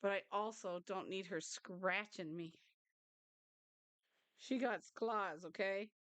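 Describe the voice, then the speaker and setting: Woman streamer, smooth clear voice, dry close mic, playful cat-mom chatter. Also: mid-range voice, takes it slowly, fairly bright tone, no room sound. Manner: playful, coos at her cats. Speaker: live streamer. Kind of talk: casual live-stream chat.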